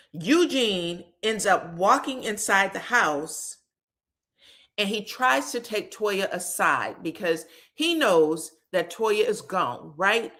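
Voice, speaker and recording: A woman giving a casual gossip recap of a reality show, acting out the cast's lines with frank cursing. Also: medium pitch. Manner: animated, acts out quotes, frank cursing.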